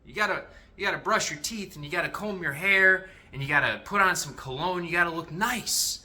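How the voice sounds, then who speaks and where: A man doing a shrill nagging mom. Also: pushed and bright. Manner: shrill, bossy, rapid nagging. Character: nagging mother yelling at her teenage son.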